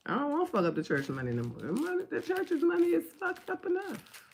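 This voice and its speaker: A woman from the New Orleans area with a New Orleans accent, talking in a rambling live-stream monologue. She is animated, swears, and swings from loud to hushed. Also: high voice, fast, slight background noise. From New Orleans area, Louisiana. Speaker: livestream host.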